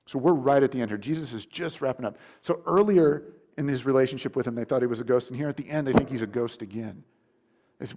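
A man's voice: medium pitch, fairly quick, darkish tone. A man preaching in a loose, conversational sermon, with frequent restarts, many uses of "like", and quoted questions acted out in changing voices. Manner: casual, rambling, many restarts and "like".

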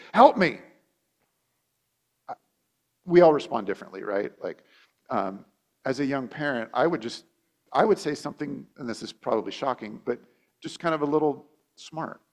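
Pastor, male, conversational sermon delivery; repeats and restarts words, acts out quoted voices. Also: medium pitch.

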